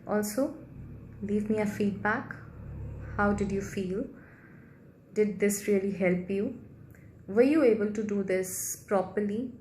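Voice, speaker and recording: A woman leads a guided healing meditation in a soft, gentle voice, moving slowly and repeating her phrases. Her voice carries a noticeable room echo, with a faint hiss underneath. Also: medium pitch. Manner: soft, gentle, slow and repetitive.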